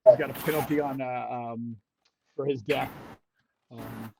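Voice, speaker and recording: A man's voice: medium pitch, steady tone, a little slow, creaky, very noisy. A man narrating a tabletop game as game master, rambling and hesitant with many fillers.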